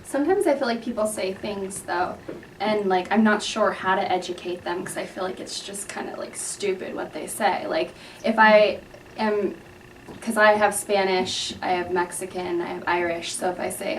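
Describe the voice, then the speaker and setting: A woman's voice: medium pitch, steady tone, normal speed. A woman on a discussion panel, talking casually and wryly, quoting what people say to her. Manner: casual, wry, quotes others with disbelief. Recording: roomy, distant mic, light noise.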